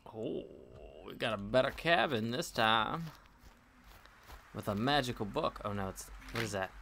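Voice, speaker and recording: Bright, lively man playing a game. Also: medium pitch, measured pace. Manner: excitable, chatty, yelps and laughs at scares. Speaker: gamer. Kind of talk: let's play commentary.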